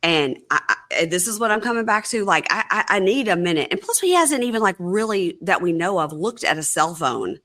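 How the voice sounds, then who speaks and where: A woman hosting a podcast, casually recapping a reality show episode and acting out the cast's lines in an animated way. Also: medium pitch, brisk, hardly any pauses. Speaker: podcast host. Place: her sister's house, dim room.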